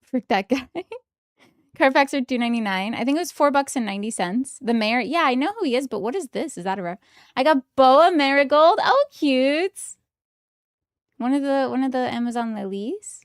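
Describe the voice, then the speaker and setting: A young woman streaming from home, chatting casually and giggling excitedly as she opens trading cards. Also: high voice, moderate pace, no room sound, studio quality. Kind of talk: casual live-stream chat while opening trading cards.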